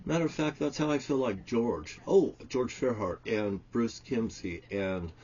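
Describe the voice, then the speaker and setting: A man delivering an angry, profane monologue to the camera as a self-styled prophet, swinging between shouted curses and low, muttered storytelling. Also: measured pace, husky, lo-fi sound.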